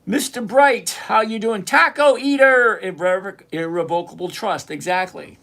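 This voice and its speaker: A man with a fairly high voice hosts a live trading stream. He reads out viewer names and greets them, teases the ones who slip up, and slows down whenever he explains a calculation. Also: steady tone, vocal fry, a bit bright. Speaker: livestream trading show host. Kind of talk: live-stream chat answering viewer comments.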